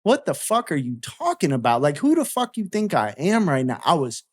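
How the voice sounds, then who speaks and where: A man's voice: on the high side, huge pitch swings, brisk. A man telling a story in casual chat, swearing freely and acting out both sides of a heated argument.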